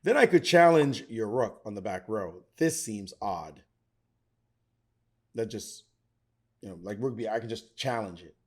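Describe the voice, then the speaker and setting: A middle-aged man teaching chess, excitable and theatrical, talking straight to the viewer. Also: fairly low pitch, a little slow, pauses often. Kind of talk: animated chess commentary.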